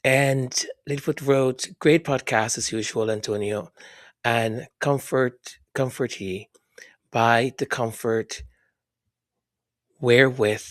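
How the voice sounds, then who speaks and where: A man hosting a podcast who reads listener comments aloud, speaking softly and haltingly, often whispering his thanks and sounding moved. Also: medium pitch, dry recording, studio quality. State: moved, emotional. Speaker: podcast host. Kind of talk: casual chat reading listener comments.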